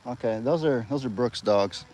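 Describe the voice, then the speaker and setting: Young man, casual livestream host outdoors, mid-range voice, sweet high coaxing to the animals, faint background noise. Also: moderate pace. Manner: chatty, coos at animals in a high voice and calls them loudly. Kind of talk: casual live-stream chat. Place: outdoors on a farm among animals.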